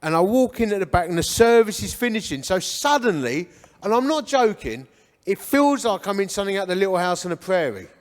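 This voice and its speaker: Man in his fifties, high lively voice, playful storyteller, echoey church hall. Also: a little fast. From Hornchurch, England. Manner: animated storyteller acting out dialogue. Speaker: guest speaker. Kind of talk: humorous life-story testimony.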